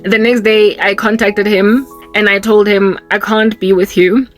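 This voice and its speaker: A young South African woman telling a candid, rambling personal testimony with quick asides. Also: mid-range voice, level tone, soft background music. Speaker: Christian YouTuber.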